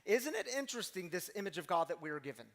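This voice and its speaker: High-voiced preacher in a reverberant hall. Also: male voice, sing-song, quick pace, a bit bright. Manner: emphatic, rhetorical questions, conversational. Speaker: pastor. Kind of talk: sermon.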